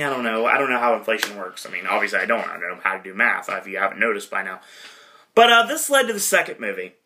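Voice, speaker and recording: A man's voice: a little high, pushed and bright. A man hosting a casual movie retrospective podcast, rambling with lots of fillers and self-deprecating asides. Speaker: podcast host.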